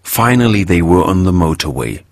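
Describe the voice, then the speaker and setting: A man narrating a story in a measured, clear way for English learners. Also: low-pitched, sing-song, no room sound, clean studio sound.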